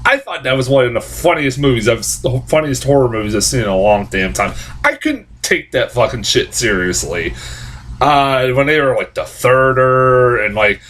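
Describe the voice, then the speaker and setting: Male film reviewer, casual and profane, lively swooping pitch, lots of restarts. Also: moderate pace. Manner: animated, jumps into sarcastic reactions.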